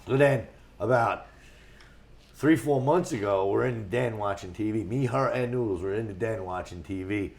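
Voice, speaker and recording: A man, a guest on a talk show, telling rambling stories with a lot of restarts and getting animated as he goes. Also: fairly low pitch, moderate pace. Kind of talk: casual storytelling on a talk show.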